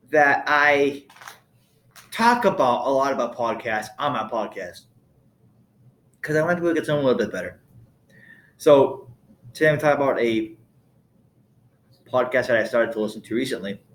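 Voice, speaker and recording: Male podcast host, casual studio monologue, rambling, self-correcting, mid-pitched voice. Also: a little hiss or hum. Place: recording studio with a producer.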